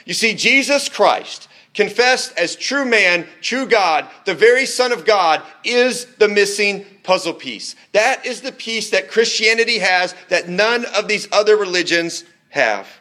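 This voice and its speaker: A man preaching a sermon in an earnest, measured way, slowing down for emphatic phrases. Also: high voice, lively intonation, bright, forceful tone.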